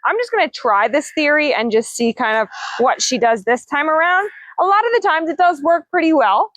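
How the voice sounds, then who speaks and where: A woman's voice: high-pitched, lively intonation, fairly quick, fairly bright tone, no echo. A woman hosting a casual livestream as a parrot trainer, chatting with viewers and cooing to her birds in a singsong voice. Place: outdoors.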